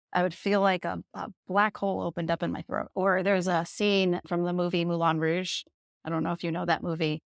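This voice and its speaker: A woman in her thirties from the Jersey Shore, a podcast guest candidly telling her own story with lively laughter. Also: on the low side, no room sound, clean studio sound. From Jersey Shore, USA.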